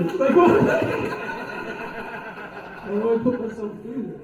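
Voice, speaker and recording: A man's voice: sits high, normal speed, creaky, long pauses, highs cut off, crowd noise. A man doing a stand-up set, profane and rambling, laughing at his own lines. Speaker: stand-up comedian. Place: comedy club stage. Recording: echoey club from far off.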